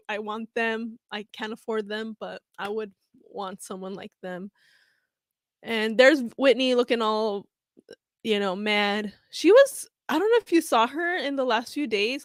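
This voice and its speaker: Young female vlogger, bright higher register, dry close mic, chatty and emotional, quick to laugh and tear up. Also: no echo. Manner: gushing, chatty, laughing and teary. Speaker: comedy vlogger reacting to news footage. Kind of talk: casual reaction commentary.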